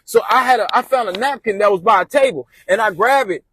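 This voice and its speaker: A man's voice: high-pitched, fast, fairly bright tone, slight background noise. A man telling a rambling personal story casually, repeating and restarting phrases as he goes.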